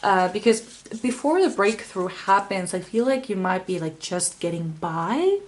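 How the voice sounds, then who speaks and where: A woman's voice: medium pitch, lively intonation, measured pace, background noise. Rambling woman giving a tarot reading. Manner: rambling, with many fillers and restarts. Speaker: tarot reader. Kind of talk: casual tarot reading to camera.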